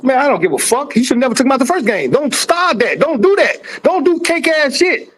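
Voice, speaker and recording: High-pitched, fast-talking heated man. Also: animated. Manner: loud, profane, talks over others, repeats himself. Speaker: livestream host. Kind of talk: heated sports debate.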